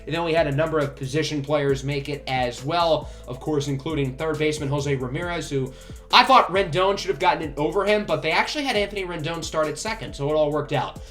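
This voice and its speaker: A young man commentating his video game like a sportscaster, getting loud and excited on big plays. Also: a little high, quick pace, faint music behind. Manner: excitable sportscaster calls, rising on big hits. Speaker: gaming YouTuber.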